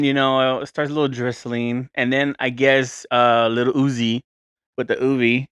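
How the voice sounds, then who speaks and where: A man's voice: medium pitch, fairly bright tone, smooth, no room sound. A man in his thirties hosting a podcast, telling a story in a casual, profane, rambling and exasperated way. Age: 30s. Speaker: podcast host.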